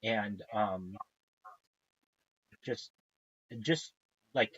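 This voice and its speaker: A man's voice: fairly low pitch, extremely slow, fairly bright tone, slightly rough, highs cut off. A man talking casually to his stream viewers as a live streamer, swearing often and getting worked up as he rants. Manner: profane, ranting, worked-up.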